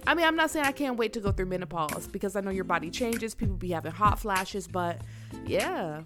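A woman's voice: mid-range voice, lively intonation, brisk, over music. A young woman hosting her own podcast, talking candidly and casually to her listeners, whom she calls y'all. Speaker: podcast host. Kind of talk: casual solo podcast monologue.

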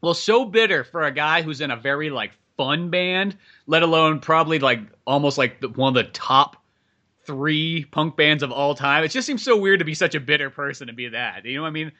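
A man with a fairly high, bright and forceful voice talks loosely on a podcast. He fills his sentences with "like" and swears casually. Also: brisk. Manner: loose, laughing, swearing, filler-heavy. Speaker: podcast co-host or guest. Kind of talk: casual chat.

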